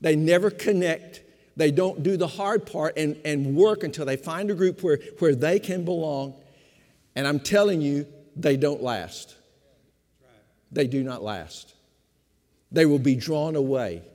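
Older pastor guy preaching, repeats lines hard, slows down to hit a point, big reverby hall. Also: a little high, darkish tone. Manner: emphatic preaching, repeats key phrases, shifts between slow stress and quick asides. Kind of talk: sermon.

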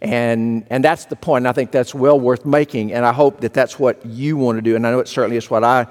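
A man's voice: medium pitch, fairly even intonation, a little fast, darkish tone, big-room sound. A man preaching a sermon as pastor, telling folksy stories and often repeating a word as he goes. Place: church.

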